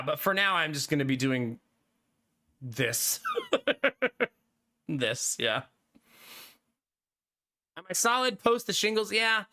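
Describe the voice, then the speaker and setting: Man, streamer, high-pitched, bright tone, laid-back chatty manner, laughs a lot. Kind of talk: casual chat with live viewers.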